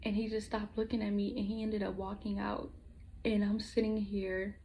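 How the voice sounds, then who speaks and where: A woman telling a personal story in a vlog, halting and emotional, with many restarts, her voice often dropping to a hush. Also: mid-range voice, little pitch movement, slight background noise, low-quality recording. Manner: halting, with frequent restarts and pauses; soft and hushed, dropping at times to a whisper. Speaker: vlogger.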